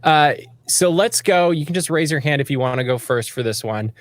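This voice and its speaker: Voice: medium pitch, animated, brisk, no echo. A podcast host calling on guests in turn and bantering in an upbeat way. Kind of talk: casual podcast moderating.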